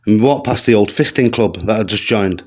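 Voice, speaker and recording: A man with a West Midlands accent doing a stand-up set of one-liners in a deadpan, slangy way. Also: fairly low pitch, a little fast. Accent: West Midlands English. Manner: deadpan delivery with slangy asides. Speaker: stand-up comedian. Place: comedy venue stage with live audience. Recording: live gig with faint crowd and noise. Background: audience laughter.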